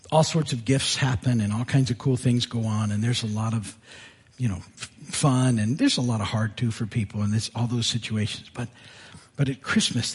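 A man preaching as a pastor in church, moving from earnest appeal into animated storytelling. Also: breathy edge. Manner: animated, jumps into high voices when telling stories. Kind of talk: sermon with storytelling.

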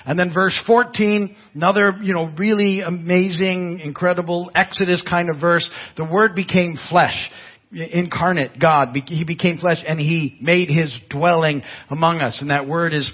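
A man's voice: fairly high pitch, fairly even intonation, moderate pace, slightly rough. An older man preaching a sermon as pastor, telling folksy stories with frequent restarts. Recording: dull lo-fi church audio.

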